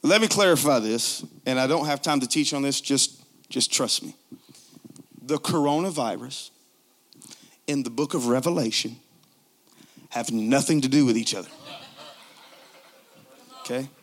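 A man in his forties preaching a sermon in a joking, conversational way, low on strength and not raising his voice. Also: unhurried, pauses often, fairly bright tone. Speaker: pastor.

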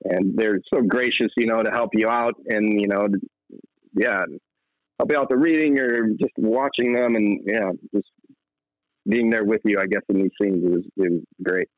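Young man, rambling casual talk, low voice, muffled dry sound. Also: moderate pace, no room sound. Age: young adult. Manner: relaxed, rambling, laughs often. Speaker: actor guest.

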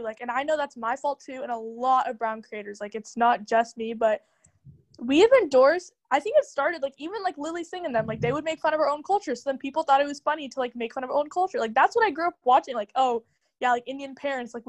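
A young woman as the guest in a casual chat, talking quickly and animatedly with many "like" fillers. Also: high voice, expressive.

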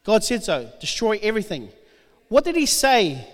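A man's voice: sits high, huge pitch swings, normal speed. A man preaching a sermon, reading scripture aloud and acting out the figures' lines with animation. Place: church hall. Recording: long hall reverb.

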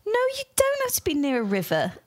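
A woman's voice: high voice, huge pitch swings, fast talker. A woman co-hosting a podcast in playful, giggly and stubborn casual chat. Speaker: podcast co-host.

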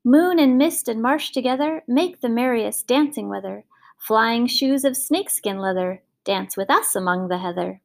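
Storyteller gives a flighty swarm of marsh lights, sing-song, high and giddy, needs a light playful chant. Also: female voice, very animated, moderate pace, few pauses.

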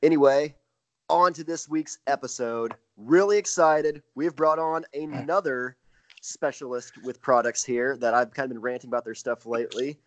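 A man's voice: mid-range voice, normal speed, dry recording. A man co-hosting a podcast, joking and laughing often in casual chat. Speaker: podcast co-host.

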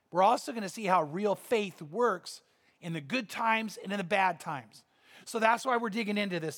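A man's voice: high-pitched, fairly bright tone. A male pastor preaching a sermon in an earnest, conversational manner with emphatic repetition.

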